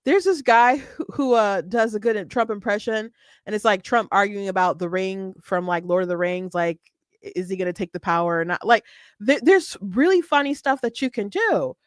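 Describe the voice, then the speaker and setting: A woman hosting her own show, giving casual political commentary in a chatty, animated way with frequent restarts. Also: mid-range voice, moderate pace, dry recording, studio quality.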